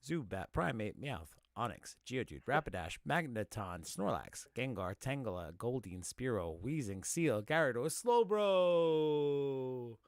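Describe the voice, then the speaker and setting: A man hosting a casual podcast live stream, rapping a long name list fast and swearing as he jokes about himself. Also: medium pitch, sing-song, dry recording, studio quality. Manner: rapid rhythmic list rapping, swearing, self-mocking. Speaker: podcast host.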